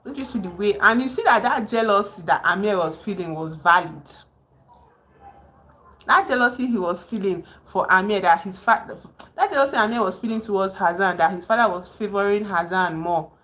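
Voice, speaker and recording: A woman hosting a casual livestream, excitedly retelling a novel's plot with emphatic outbursts. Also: medium pitch, moderate pace, rough recording. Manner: excited, emphatic storytelling with sudden exclamations. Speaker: livestream host. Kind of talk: casual livestream chat about a book. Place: home.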